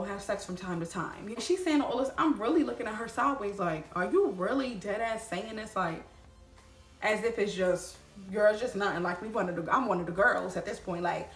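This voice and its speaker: An animated woman tells a storytime vlog, swearing freely and calling out to her viewers. Her voice sits at an ordinary middle pitch. The room around her rings with a noticeable echo. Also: normal speed, faint music behind. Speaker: vlogger.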